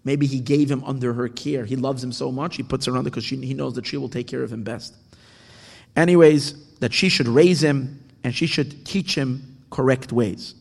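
A man reading and explaining a parable, halting often and restarting his words. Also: medium pitch, creaky, darkish tone. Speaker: teacher. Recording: echoey hall with long reverb.

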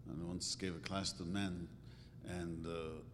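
A man's voice: little pitch movement, slow pace. A middle-aged man giving a religious class, talking in a conversational way and acting out quoted thoughts. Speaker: religious teacher. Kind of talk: Torah class lecture. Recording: reverberant hall with faint rumble.

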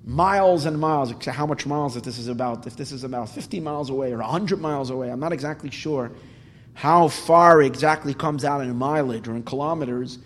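A Torah teacher with a mid-range voice and slightly fast pace retells a Talmud story for a class, quoting Hebrew lines and explaining them in English. He grows animated, his voice rising when he stresses a point, and the recording has a long hall reverb.

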